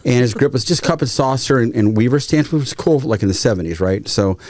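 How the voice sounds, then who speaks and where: A man, a guest firearms trainer, telling stories in a casual, animated way and acting out quotes. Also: medium pitch, a little fast, no room sound. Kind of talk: casual storytelling.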